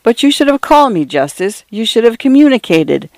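Guy putting on a fussy, excitable middle-aged husband, voice pitched up a bit, dry close sound. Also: normal speed, no room sound, close to an everyday voice. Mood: fretful. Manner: anxious exclaiming, frets over others. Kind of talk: storybook reading.

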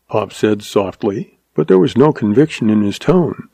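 A man narrating a western story in a measured, unhurried audiobook reading. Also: on the low side, lively intonation, vocal fry, dark tone, husky, no echo.

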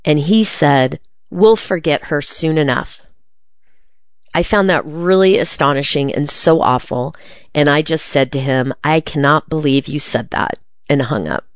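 A woman reading a magazine interview aloud in a measured, even delivery. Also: sits low, no room sound, lo-fi sound. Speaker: article reader.

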